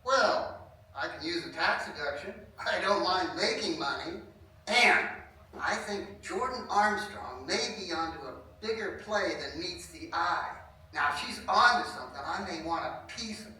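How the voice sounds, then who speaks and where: Man playing a confident wealthy investor, blunt, sharp tone, distant echoey room. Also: sits high, lively intonation, moderate pace, full character voice. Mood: brusque.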